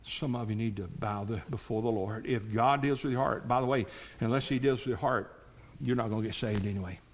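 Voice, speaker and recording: A man's voice: medium pitch, fairly quick. A man, preaching a fervent sermon and pressing his listeners directly. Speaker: pastor.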